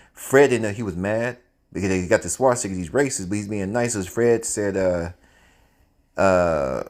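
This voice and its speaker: A man telling a story in a casual, animated, profane way, often laughing as he goes. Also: on the low side.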